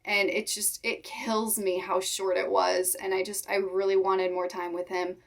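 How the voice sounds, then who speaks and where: Young woman vlogging to her followers, choked up and fighting tears, halting and sincere, mid pitch. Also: flat delivery, creaky. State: holding back tears. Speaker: reptile keeper vlogger. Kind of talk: emotional personal vlog talk.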